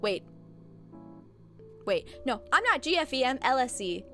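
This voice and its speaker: A woman streamer with a high voice chats loosely with her viewers. She talks in a blunt, animated way and laughs often. Her pitch swings widely, and faint music plays behind her. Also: unhurried. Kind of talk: casual chat with viewers.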